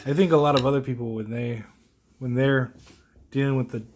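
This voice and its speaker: A man's voice: mid-range voice, steady tone, a little fast, darkish tone, a little hiss or hum. A young man hosting a solo podcast, talking in an emotional, rambling, self-deprecating way with small laughs. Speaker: podcast host. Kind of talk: casual solo podcast monologue.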